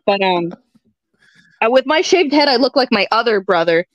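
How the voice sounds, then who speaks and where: A woman's voice: a little high, animated, normal speed, dry recording. A woman guesting on a movie podcast in casual chat, joking, swearing casually and laughing often. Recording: slightly dull lo-fi sound.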